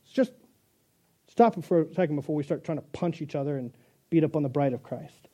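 A man's voice: on the high side, animated, fairly quick, mellow, lo-fi sound. A male pastor delivering a conversational sermon, joking and restarting as he goes.

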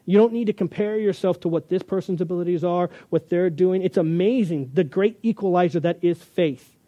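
A man preaching a sermon, reading scripture and acting out the dialogue of biblical figures with animated energy. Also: high-pitched, brisk, no room sound, muffled recording. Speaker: pastor.

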